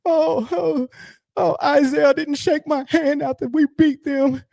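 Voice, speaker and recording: A man mockingly voicing a weeping male basketball star in an exaggerated, high sobbing whine. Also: fairly even intonation, unhurried, gravelly, warm tone, dry recording, clean studio sound, full character voice. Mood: whining.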